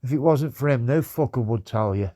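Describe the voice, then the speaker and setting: A man's voice: mid-range voice, a little fast, mellow. A man on a livestream, earnestly giving advice and pleading, with "mate" at the end of nearly every sentence. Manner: pleading, says "mate" again and again. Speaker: livestream commentator.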